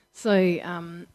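A woman's voice: fairly low pitch, dark tone. A woman giving an informal, heartfelt sermon from Britain or Australia, often restarting her sentences and voicing the people she quotes. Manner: emotional, earnest, acts out quoted voices, rambling restarts. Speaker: preacher.

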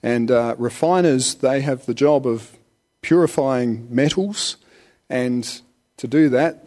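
A man preaching a relaxed, conversational sermon, with rhetorical questions and chuckles. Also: medium pitch. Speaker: pastor.

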